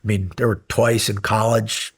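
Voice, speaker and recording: A man in his fifties, a podcast guest and former Navy SEAL, telling stories in a casual interview, animated at times and dropping to quiet intensity at others. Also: on the low side, moderate pace, slightly rough.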